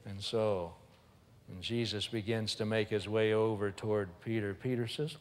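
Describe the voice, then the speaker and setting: A man's voice: lowish voice, normal speed, big-room sound. A man preaching a humorous storytelling sermon, acting out the voices of the people in his story. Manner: animated, humorous, acts out voices. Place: church.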